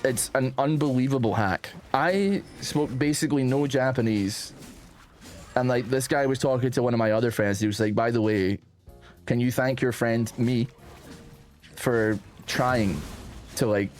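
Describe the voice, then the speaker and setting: A man, streaming and chatting casually, rambling and animated, often calling his viewers "man". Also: mid-range voice, a little slow, soft background music. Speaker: streamer reacting to posts.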